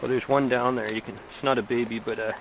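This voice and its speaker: A man vlogging casually while training his puppy, rambling and chatting, breaking into high sing-song baby talk to his dogs. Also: steady tone, fast, vocal fry. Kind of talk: casual chat. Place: in a car, then outdoors by a pond. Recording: noisy car and outdoor ambience.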